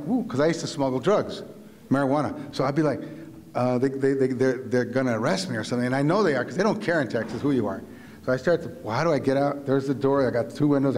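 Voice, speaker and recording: A middle-aged man telling a story to an audience, animated and laughing, acting out other people's voices. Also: a little high. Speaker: visiting writer giving a talk. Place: large hall. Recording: long hall reverb.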